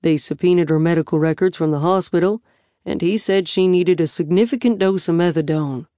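A kindly police officer choosing his words hesitantly and carefully, as a woman reads him. The voice is low and mellow. Close, dry audiobook sound. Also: brisk, no room sound, natural voice.

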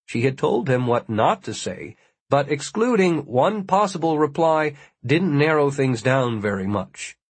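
A man's voice: a little high, expressive, unhurried, slightly rough, dry recording. A man reading an audiobook aloud in a dry, wry storytelling manner. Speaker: audiobook narrator. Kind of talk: scripted narration.

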